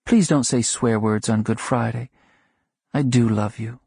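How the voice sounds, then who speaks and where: A man reading an audiobook, voicing a fond small-town wife who coaxes and gently scolds her husband. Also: mid-range voice, a little slow, vocal fry, slightly rough, no echo, studio quality. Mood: teasing. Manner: light, coaxing and chiding.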